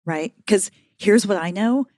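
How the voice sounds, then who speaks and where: A middle-aged woman talking as a podcast guest, telling a story with emphatic, animated energy. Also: medium pitch, measured pace, no room sound, studio quality. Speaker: podcast guest, keynote speaker. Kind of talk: casual conversational interview.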